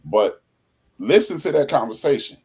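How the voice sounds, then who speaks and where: A man hosting a podcast in casual chat, telling stories in an animated way and acting out the people he quotes. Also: mid-range voice, moderate pace, husky. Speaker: podcast host.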